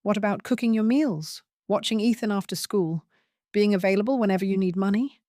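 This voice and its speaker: A woman's voice: mid-range voice, brisk, dark tone, dry recording, studio quality, voice pushed up, natural voice. Woman voicing a hurt, firm older mother. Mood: confronting. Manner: pointed, firm questioning.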